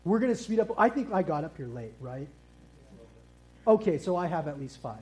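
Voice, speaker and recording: A man preaching a casual, lively sermon to families, often asking the congregation questions and using easygoing slang. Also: fairly high pitch, moderate pace. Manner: lively, engages the audience with questions. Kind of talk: family sermon with kids present.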